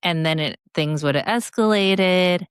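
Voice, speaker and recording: Low, smooth-voiced woman in her forties, unhurried, reflective podcast guest sharing a coaching story. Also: no room sound, studio quality. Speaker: guest speaker and leadership coach. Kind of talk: podcast interview.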